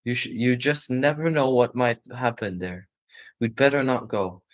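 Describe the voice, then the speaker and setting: A man voicing a careful, brave boy in a storybook, speaking earnestly in a raised boyish pitch. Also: lively intonation, normal speed, natural voice. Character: cautious, brave older brother, a boy. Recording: muffled lo-fi recording.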